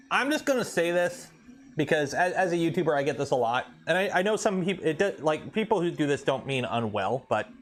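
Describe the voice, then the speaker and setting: A man from Canada hosting a casual livestream, chatting with viewers and ranting animatedly about a pet peeve. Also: fairly high pitch. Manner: chatty, reads chat aloud, rants animatedly. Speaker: livestream host.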